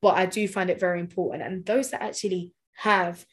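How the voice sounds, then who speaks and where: A woman's voice: lowish voice, steady tone, brisk. A woman in casual chat, talking animatedly and laughing often.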